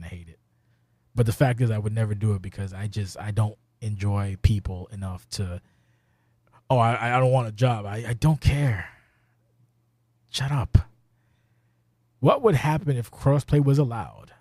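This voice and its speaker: A man's voice: mid-range voice, dark tone, breathy edge, no echo, clean studio sound. A man hosting a podcast, talking loosely and profanely, rambling with sudden exasperated outbursts. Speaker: podcast host. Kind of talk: casual podcast chat.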